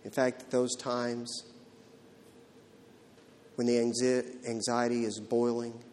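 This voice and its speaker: A man's voice: mid-range voice, level tone, takes it slowly, a little mellow, slight background noise. A man preaching a sermon as pastor, driving his points home with emphatic rhetorical questions in a church. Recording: long hall reverb.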